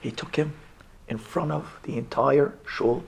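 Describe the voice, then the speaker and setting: A man's voice: mid-range voice, fairly even intonation, measured pace, gravelly, breathy edge. A man, a rabbi, tells a sermon story with drama, dropping to whispers at tense moments.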